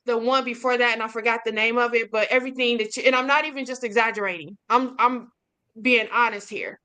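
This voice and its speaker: Woman guest, earnest and rambling, high bright voice. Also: clear, resonant tone. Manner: earnest, rambling, full of fillers. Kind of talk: casual interview chat.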